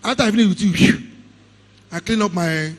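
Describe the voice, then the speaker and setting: A middle-aged Nigerian man teaching a live audio engineering seminar, animated and quick to act out other people's lines. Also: high-pitched, poor audio. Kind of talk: live seminar talk with anecdotes.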